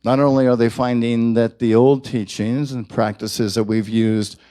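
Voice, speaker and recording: Man, minister, sermon, unhurried, soft-spoken, rises for emphasis, dry sound. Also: medium pitch, little pitch movement, no room sound. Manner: slow, gentle and reflective, rising for emphasis. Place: church service.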